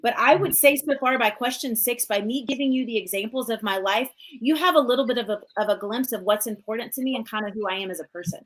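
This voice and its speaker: A woman in her forties hosting a live motivational talk show, energetic and chatty, full of "like" and "you know". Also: on the high side, quick pace, hardly any pauses, rough recording. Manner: energetic, chatty, many fillers. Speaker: host and coach.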